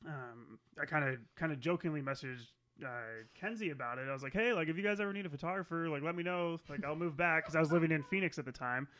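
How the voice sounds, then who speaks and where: A man from Spokane, a photographer, chatting casually on a podcast in a halting way and clearing his throat often. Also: on the high side, a bit bright. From Spokane, Washington.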